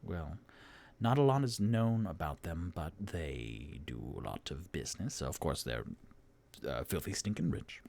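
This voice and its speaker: A man voicing a blunt adventurer who speaks low and quiet. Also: animated, measured pace, vocal fry, full character voice.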